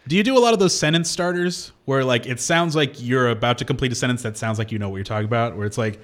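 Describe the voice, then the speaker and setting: A man's voice: medium pitch, fast, hardly any pauses. A man co-hosting a radio show in a studio, chatting in a playful, self-mocking way. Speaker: radio co-host. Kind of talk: casual radio banter. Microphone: studio microphone.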